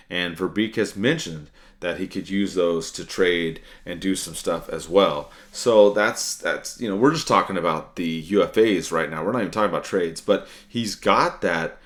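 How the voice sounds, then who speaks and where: A man's voice: deep voice, a bit bright. A man co-hosting a sports podcast, thinking aloud with many fillers and restarts and some dry sarcasm. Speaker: podcast co-host. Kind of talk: casual sports talk.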